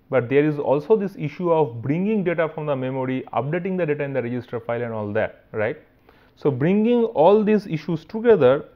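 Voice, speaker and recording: A man's voice: a little high, lo-fi sound. A man with an Indian English accent giving a recorded university lecture, explaining step by step and often checking in with "right". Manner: explanatory, with frequent "right" and restarts.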